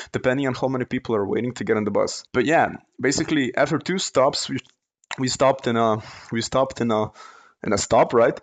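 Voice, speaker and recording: Young man, late teens, casual storytime, rambling, many fillers, mid-pitched voice. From Slovenia. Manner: rambling, lots of fillers and self-corrections, laughs while telling. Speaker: vlogger, storyteller.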